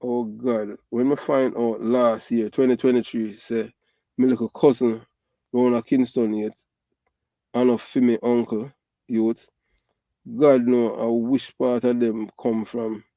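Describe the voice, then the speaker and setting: Ranting Jamaican man, dark voice. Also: mid-range voice, flat delivery, a little slow, no room sound, studio quality. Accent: Jamaican Patois. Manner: emphatic, repetitive, frequent fillers. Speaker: commentator. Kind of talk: casual ranting commentary.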